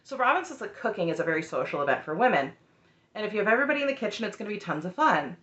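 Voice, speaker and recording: Female recap host, opinionated and sarcastic; mid pitch, echoey room. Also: very animated, racing, a bit bright, lo-fi sound. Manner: heated, sarcastic and chatty.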